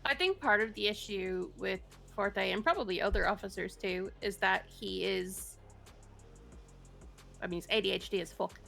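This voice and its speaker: A woman's voice: mid-range voice, moderate pace, gravelly, fairly bright tone, faint music behind. A woman in an in-character roleplay phone call, scolding bluntly and swearing freely. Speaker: roleplay character from the mayor's office.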